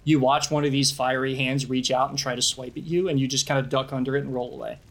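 A man's voice: mid-range voice, level tone, quick pace. A man running a tabletop game as game master, narrating loosely with fillers.

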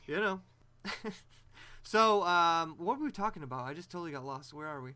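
A man's voice: on the high side, moderate pace, sharp tone, smooth, no echo. A man hosting a podcast in casual chat, laughing often and swearing loosely. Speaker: podcast host.

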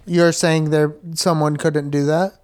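A man co-hosting a casual podcast, answering in a thoughtful, measured way. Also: on the high side, level tone, a little mellow, clear, resonant tone. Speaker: podcast co-host. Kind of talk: casual chat.

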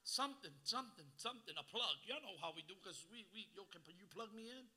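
A man, preaching a sermon as a guest pastor, swinging from hushed asides to shouting and calling on the congregation to answer. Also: sits high, lively intonation, fairly quick.

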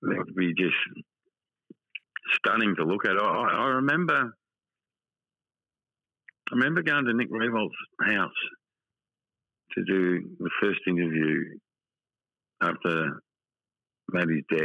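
A man's voice: low voice, animated, measured pace, gravelly, long pauses, pushed and bright, no room sound, lo-fi sound. A middle-aged Australian man, a football journalist, talking candidly in a casual podcast interview, often repeating himself and restarting.

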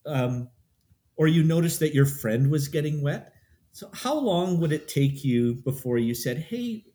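A man from Canada telling a hiking trip story in a relaxed, chatty way. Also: fairly high pitch, a little slow. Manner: chatty, quotes people in stories. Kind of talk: casual storytelling.

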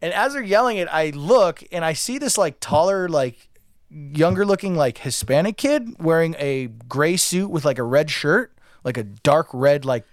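A man co-hosting a podcast tells a rambling story, packed with filler words. His voice is smooth and resonant, a touch higher than most men, and the sound is dry with no room echo. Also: animated, moderate pace. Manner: rambling, many "like" fillers, acts out quotes. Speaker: podcast co-host. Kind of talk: casual storytelling.

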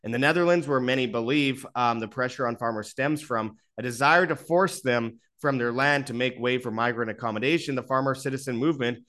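A man's voice: medium pitch, a little fast, few pauses, a bit bright. A man hosting an online commentary show, reading out posts and articles and adding his own remarks with frequent fillers. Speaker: commentary channel host. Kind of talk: political commentary over news clips.

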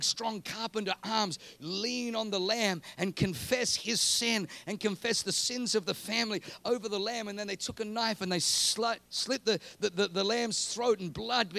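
A man preaching a sermon, telling a funny personal story and building to loud, repeated questions. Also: high voice, vocal fry, no echo. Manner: animated, rising to shouting repetition. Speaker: pastor.

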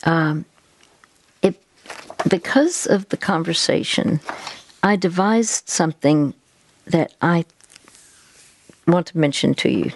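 A woman's voice: fairly low pitch, expressive, takes it slowly, pauses often. A woman hosting an advice talk, patiently guiding a caller step by step. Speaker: host giving faith-based advice.

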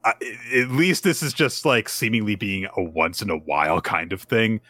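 A podcast co-host with a lowish voice casually recaps a manga chapter at normal speed, animatedly performing the characters' lines as he goes.

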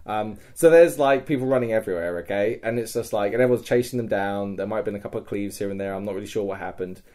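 A man's voice: fairly low pitch, fast. A man on a podcast, animatedly telling a story about a live-action role-play event, swearing often. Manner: animated and sweary, with frequent laughs and restarts. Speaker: podcast guest.

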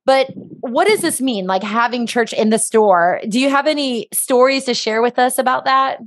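A woman's voice: fairly high pitch, moderate pace. A woman hosting a Christian podcast, upbeat and encouraging, with a preacherly way of talking. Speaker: podcast host.

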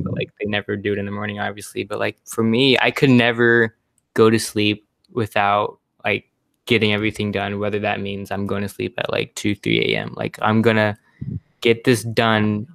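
A man's voice: fairly low pitch, moderate pace, gravelly, fairly bright tone, no room sound. A young man hosting a podcast, chatting casually and rambling with lots of "like". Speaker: podcast host. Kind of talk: casual chat.

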